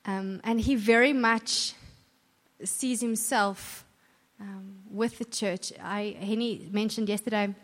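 Her voice sits at a medium pitch, steady and slow, as this woman gives an earnest church talk. She preaches warmly and conversationally, frequently correcting herself mid-sentence, with long hall reverb in the recording.

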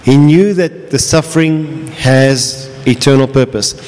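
A man's voice: medium pitch, unhurried, a little mellow. A man preaching a sermon as pastor, earnest and often restarting his phrases. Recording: long reverb of a large hall.

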